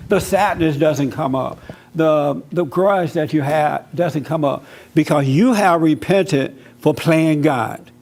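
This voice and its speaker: A man's voice: a little high, a little mellow. A man giving an informal, earnest sermon-style talk to an audience, telling his own story and repeating his points conversationally. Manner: testimonial storytelling. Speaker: preacher.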